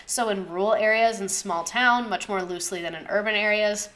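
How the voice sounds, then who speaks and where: A woman's voice: mid-range voice, fairly even intonation, fairly quick, fairly bright tone. A young woman teacher giving a casual history lesson, chatty and sarcastic, swearing and drifting into tangents.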